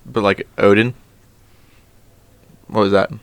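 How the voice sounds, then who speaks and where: A man's voice: on the low side, level tone, takes it slowly, no room sound. A young man co-hosting a podcast, speaking in an easygoing bro style that is hesitant and full of fillers. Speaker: podcast co-host. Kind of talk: casual chat.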